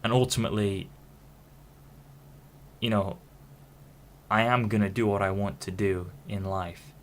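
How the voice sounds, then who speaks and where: A man's voice: fairly low pitch, flat delivery, fairly bright tone, slight background noise. A young man from Hull talking frankly to camera in a rambling monologue, often stopping and restarting his sentences. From Hull, England. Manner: frank, halting, many restarts. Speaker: vlogger.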